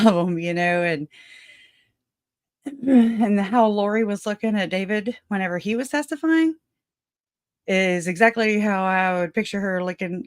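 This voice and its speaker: A woman's voice: medium pitch, no room sound. A woman hosting a casual livestream, chatty and a little out of breath, laughing often and restarting her sentences. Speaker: livestream host.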